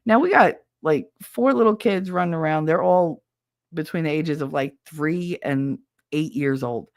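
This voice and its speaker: A woman's voice: sits low, measured pace, darkish tone, no echo, clean studio sound. A middle-aged woman hosting a stream, telling a funny story in a casual, profane way and mimicking other people with squeals. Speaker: stream host.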